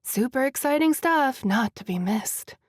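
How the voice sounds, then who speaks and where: A guarded young woman in love, as a woman reader puts her on. She speaks in a hushed, playful way in an audiobook. The sound is dry and close. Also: sits high, lively intonation, unhurried, slightly rough, dry recording, voice pushed up, heavily acted.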